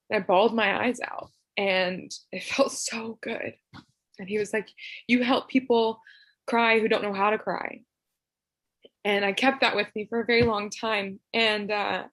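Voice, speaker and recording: A woman from Tennessee giving a heartfelt personal remembrance over a video call, speaking softly and haltingly with frequent laughter. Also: mid-range voice, no echo. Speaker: memorial speaker.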